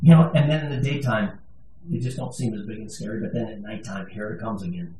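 A man's voice: on the low side, steady tone, quick pace, mellow, a little hiss or hum. A male pastor giving a sermon, conversational and emphatic, with touches of humor. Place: church sanctuary. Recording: echoey room, voice from a distance.

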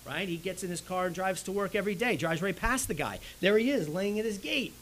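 A man preaching a sermon in an animated way, swinging between loud and soft, often checking in with "right?". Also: high voice, brisk, hardly any pauses, a little hiss or hum, low-quality recording. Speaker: pastor.

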